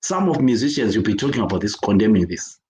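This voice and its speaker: A man with a Zimbabwean accent talks in a fired-up rant, angry and insistent, hammering the same points over and over. His voice sits fairly low, and the room around him gives off a noticeable echo. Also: very animated, fast, darkish tone. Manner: angry, emphatic, repetitive, switching between English and Shona. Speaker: children's worker speaking out. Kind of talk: impassioned video rant.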